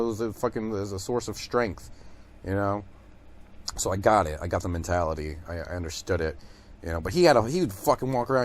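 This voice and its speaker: A young man from Detroit hosting a podcast, telling stories in a rambling, profane monologue full of fillers. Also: lowish voice. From Detroit, USA. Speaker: podcast host. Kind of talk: casual monologue.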